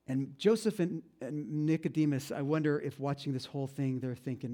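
A man preaching a storytelling sermon, retelling events dramatically and conversationally, often dropping into hushed tones and adding asides to his listeners. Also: mid-range voice, normal speed, few pauses. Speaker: pastor.

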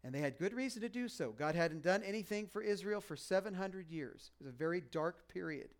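A man's voice: sits high, animated, a little fast. A man preaching a sermon with self-deprecating humor, acting out the lines he quotes. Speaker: pastor.

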